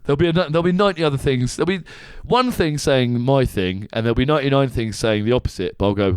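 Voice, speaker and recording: A man's voice: medium pitch, fast, hardly any pauses, clear, resonant tone, dry recording, clean studio sound. A man co-hosting a podcast, chatting casually with a rambling, self-deprecating manner and frequent laughter. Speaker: podcast co-host. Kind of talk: casual chat.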